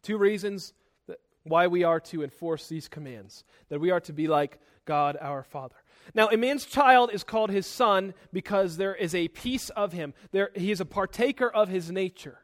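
A young man preaching a sermon, emphatic, moving between loud and soft passages and often repeating words as he starts a sentence. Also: sits high, normal speed. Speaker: pastor.

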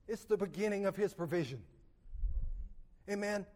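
Male preacher, high voice, sermon on a church mic, call-and-response delivery with sudden loud swells. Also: normal speed. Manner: call-and-response, asks the congregation for amens; swings between soft, low asides and loud emphatic peaks. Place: church sanctuary. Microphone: PA microphone.

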